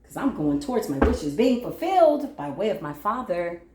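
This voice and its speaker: A woman giving a spiritual tarot reading in a vlog, animated and slangy with casual swearing, now and then breaking into sung bits. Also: mid-range voice, moderate pace, reverberant, noisy background. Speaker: tarot reader.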